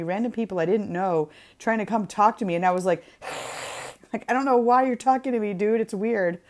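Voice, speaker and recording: A woman's voice: medium pitch, darkish tone. Chatty joking woman hosting a stream. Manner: chatty and joking, greets viewers by name. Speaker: co-host. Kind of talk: casual livestream chat.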